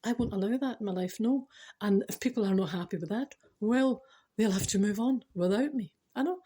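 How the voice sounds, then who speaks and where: A woman's voice: mid-range voice, lively intonation, a little fast, dark tone, slightly rough. A woman from Scotland with a Scottish accent, giving a chatty spiritual talk to her viewers, emphatic and self-mocking with dry humour. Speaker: spiritual vlogger.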